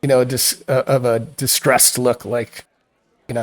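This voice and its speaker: A man with a medium-pitched voice runs a tabletop game as game master, speaking at a moderate pace with fairly even intonation. His narration is full of fillers and restarts.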